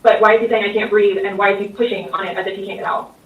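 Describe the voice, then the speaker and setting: A woman's voice: mid-range voice, fairly even intonation, rapid-fire, slight background noise. A woman detective questioning a suspect, pressing her with probing questions. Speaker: police detective. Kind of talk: police interview. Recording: phone-like, echoey, distant interview-room recording.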